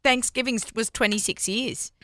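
A woman's voice: on the high side, moderate pace, sharp tone, no room sound, studio quality. An Australian woman hosting a casual podcast chat, chatty and self-deprecating, laughing often. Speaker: host.

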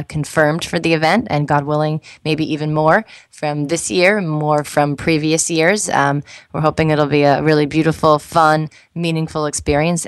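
Chatty low-voiced woman hosting. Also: no echo. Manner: upbeat and chatty. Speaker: radio show host. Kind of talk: interview show hosting.

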